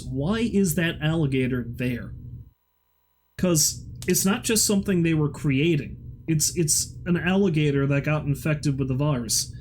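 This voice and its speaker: A man's voice: on the high side, darkish tone, a little hiss or hum. A young man streaming a horror game, chatting sarcastically and reading in-game notes aloud. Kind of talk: let's play commentary, reading in-game documents aloud.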